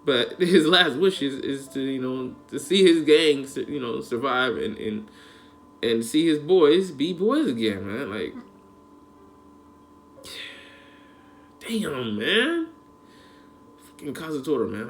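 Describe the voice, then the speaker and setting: A man's voice: medium pitch, lively intonation, a little slow, pauses often. A man giving a casual, emotional anime episode review, rambling in heavy slang with lots of fillers. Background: faint background music.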